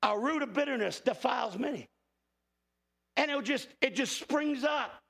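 A man in his fifties, a pastor, preaching an impassioned sermon that often rises to shouting. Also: very high-pitched, expressive, normal speed, gravelly. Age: 50s. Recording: hall reverb.

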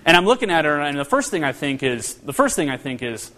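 A man preaching a sermon in a church, earnest and animated, often restarting his phrases. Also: fairly high pitch, fast talker, long reverb tail. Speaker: pastor.

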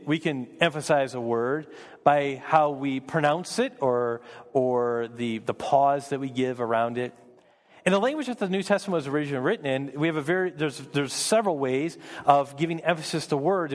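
A man's voice: mid-range voice, long reverb tail. A man preaching a sermon as pastor, earnest, often repeating words as he builds emphasis.

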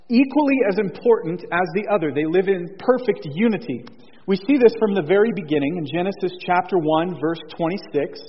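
Preaching man in an echoing church. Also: high-pitched. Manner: earnest, repeats key phrases, frequent restarts. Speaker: pastor. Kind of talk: sermon. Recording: husky voice in a long church reverb, dull lo-fi sound.

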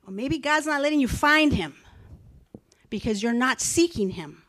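A woman's voice: high-pitched, lively intonation, normal speed, a bit bright. An older woman giving an emotional sermon, earnest and repetitive, often dropping to a whisper. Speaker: church speaker.

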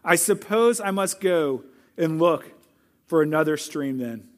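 A frightened, thirsty little girl who asks nervous, pleading questions, as a male preacher voices her. The voice sits fairly high for a man. She hesitates and begs. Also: expressive, a little slow. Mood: timid. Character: scared, thirsty, timid young girl. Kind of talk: storytelling within a sermon.

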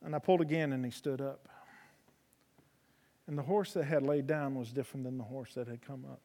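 Folksy preacher in a reverberant hall. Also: male voice, fairly even intonation, fairly quick. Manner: folksy storytelling with humor; swings from loud emphasis to soft, low delivery. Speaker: preacher in a horse ministry. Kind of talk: sermon.

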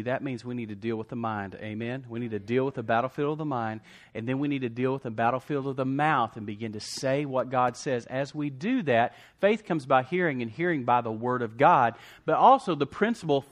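A man's voice: on the high side, fairly bright tone. A man preaching a sermon, emphatically repeating declarations and calling for responses from the congregation. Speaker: pastor.

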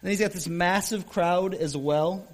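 High-voiced earnest preacher man. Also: unhurried. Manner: earnest, storytelling preacher, varied pace and loudness. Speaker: pastor. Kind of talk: sermon.

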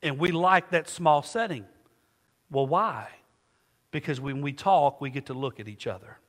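A man's voice: on the high side, unhurried, fairly bright tone. Emphatic male pastor preaching in a reverberant church. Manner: emphatic preaching with call-and-response questions. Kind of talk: sermon. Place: church sanctuary.

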